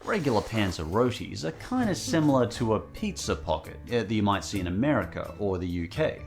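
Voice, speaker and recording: A man in his thirties from Australia with an Australian accent, giving scripted narration in a wry, lively way. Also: lowish voice, fairly quick, faint music behind. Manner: wry, lively countdown delivery. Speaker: video narrator.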